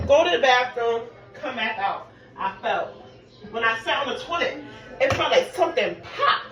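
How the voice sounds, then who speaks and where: Young New woman, high voice, lively chatty storyteller, echoey room. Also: lo-fi sound. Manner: animated, chatty storytelling, acting out quotes. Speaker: vlogger. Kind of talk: storytime chat.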